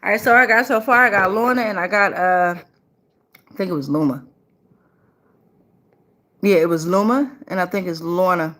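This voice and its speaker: A woman's voice: mid-range voice, moderate pace, pauses often, fairly bright tone. A woman doing a casual live tarot reading, blunt and chatty with a lot of profanity and slang. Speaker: tarot reader.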